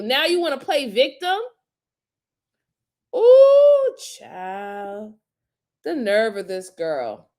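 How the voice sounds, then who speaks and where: A woman hosting a crime commentary show, talking casually in an outspoken, exasperated way and then apologizing for her cussing. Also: sits high. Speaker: host reacting to crime footage.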